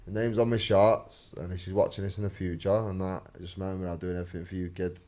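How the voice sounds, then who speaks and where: Fast-talking low-voiced male fighter. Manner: swearing, animated storytelling, acts out quoted people. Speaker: bare-knuckle fighter. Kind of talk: casual interview chat.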